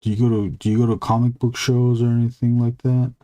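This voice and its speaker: A man's voice: medium pitch, flat delivery, fairly quick, dark tone, no echo. A man hosting a drawing live stream, chatting casually in a rambling, joking way and swearing freely. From United States. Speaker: artist and live stream host.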